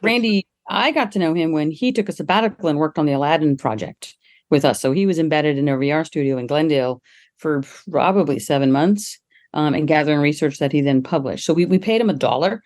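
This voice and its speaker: A middle-aged woman, a guest on an interview podcast, telling lively stories and laughing often as she talks. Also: a little fast. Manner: lively, acts out quoted people with jumps in pitch. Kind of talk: casual interview storytelling.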